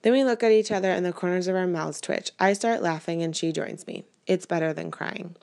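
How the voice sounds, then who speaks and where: A woman reading a first-person novel aloud in an even, measured storytelling way. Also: lowish voice, creaky. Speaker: reader.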